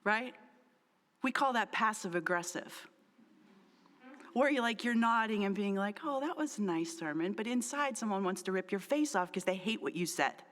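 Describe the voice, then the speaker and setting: A woman's voice: medium pitch, expressive, normal speed, fairly bright tone. A middle-aged woman pastor preaching a sermon in an earnest, emphatic way, repeating key phrases for weight. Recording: long reverb of a large hall.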